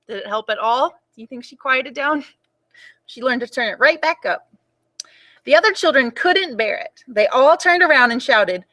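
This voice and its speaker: A young woman reading a picture book aloud for children at storytime, in an animated and expressive way. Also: high voice, normal speed.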